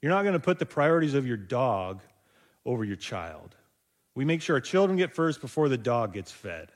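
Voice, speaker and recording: A man's voice: medium pitch, very animated, moderate pace. A male pastor preaching a conversational sermon, thinking aloud with rhetorical asides to his listeners.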